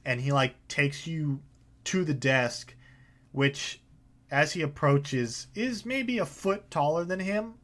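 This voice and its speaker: A man's voice: a little high, slow pace, a bit bright. Casual rambling game master man. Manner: casual, rambling, filler-heavy. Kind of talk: narrating a tabletop game.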